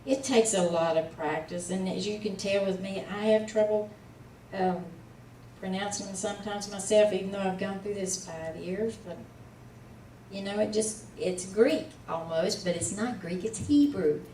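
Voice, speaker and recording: A woman tutoring a student in Hebrew reading in a casual one-on-one lesson, patiently sounding out letters and syllables slowly. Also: mid-range voice, dark tone, roomy sound, distant mic, a little hiss or hum, rough recording.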